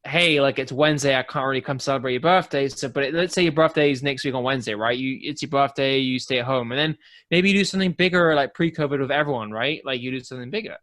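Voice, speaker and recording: A man's voice: mid-range voice, fast, a bit bright. Giggly man telling a rambling story. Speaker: podcast co-host. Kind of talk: casual podcast chat.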